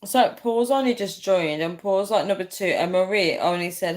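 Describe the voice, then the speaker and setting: A woman's voice: lowish voice, moderate pace. A woman hosting a casual livestream, reading out viewer comments, tired and often breaking into fits of laughter. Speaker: livestream host.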